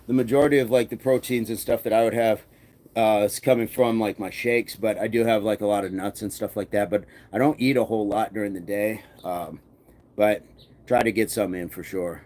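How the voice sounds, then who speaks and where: Guy hosting a live workout stream, mellow warm voice, easygoing chat with lots of ums. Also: lowish voice, steady tone, fairly quick. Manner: easygoing, rambling with many fillers. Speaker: fitness livestream host. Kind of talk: casual live chat reading viewer comments. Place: home gym.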